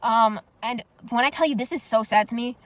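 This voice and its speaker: A woman's voice: fairly high pitch, brisk, no room sound. A young woman from the United States telling a story in a casual monologue, blunt and profane. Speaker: vlogger.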